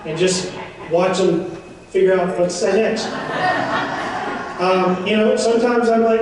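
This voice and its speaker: A man's voice: sits high, flat delivery, a little slow, long pauses, noisy background. A man giving a seminar talk, chatty and joking with playful asides. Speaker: seminar speaker. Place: event room. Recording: echoey room, mic far off.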